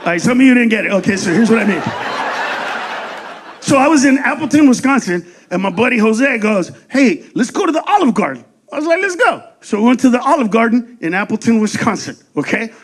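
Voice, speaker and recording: A man doing stand-up comedy on stage into a handheld mic, loud, profane and punchy. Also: very high voice, animated, a little fast.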